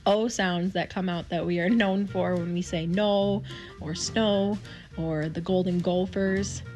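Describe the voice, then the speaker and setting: A woman with a strong Minnesotan accent talks about it matter-of-factly. Her voice sits on the low side, with faint guitar behind it. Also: fairly even intonation, normal speed, darkish tone. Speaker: caller.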